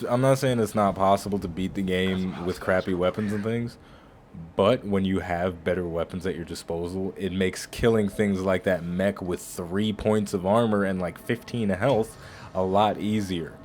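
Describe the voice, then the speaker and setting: A man's voice: low voice, steady tone, normal speed, a little mellow, a little hiss or hum. A man hosting a video game playthrough, chatting casually and rambling, often restarting his phrases. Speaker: gaming channel host. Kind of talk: casual let's-play commentary.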